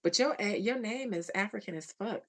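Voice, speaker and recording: A woman hosting a casual livestream chat, reading viewer comments, slangy and animated, laughing often. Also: mid-range voice, normal speed.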